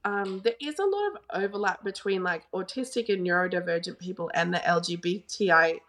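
A woman's voice: on the low side, animated, a little fast, a bit bright. An Australian woman in her thirties, a podcast guest telling stories in a chatty way, full of "like" fillers. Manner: chatty, storytelling, many "like" fillers. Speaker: guest photographer. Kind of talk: casual podcast chat.

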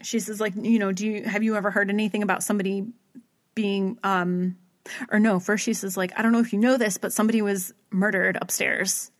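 A woman's voice: medium pitch, little pitch movement, a little fast. Woman just chatting, telling a long rambly story, says like a lot, acts out what people said. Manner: rambling storyteller, heavy use of "like", acts out quotes. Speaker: podcast co-host recapping a paranormal TV episode. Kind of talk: casual chat.

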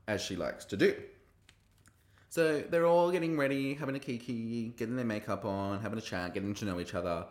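A man hosting a podcast, recapping a TV episode in a gossipy, animated way and acting out quoted lines. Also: fairly low pitch, fairly quick, reverberant. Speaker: podcast host reviewing a TV episode. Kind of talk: casual recap chat.

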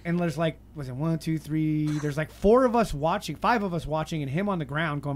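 A man's voice: a little high, a little fast, few pauses, a little mellow. A man telling wild stories in casual chat, swearing a lot and laughing often.

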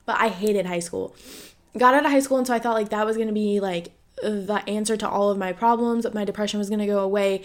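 A woman's voice: medium pitch, fairly even intonation, fast talker. A woman in her twenties hosting a podcast, talking frankly about her own life, with many "like" fillers and free swearing. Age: 20s. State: has the hiccups. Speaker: podcast host. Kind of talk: candid personal monologue.

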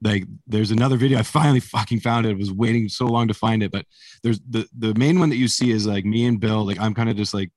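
A man's voice: lowish voice, fairly even intonation, fast talker, a little mellow, no room sound. A man being interviewed as a musician, telling stories in a rambling, casual way, swearing often and laughing as he goes. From Canada. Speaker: musician guest.

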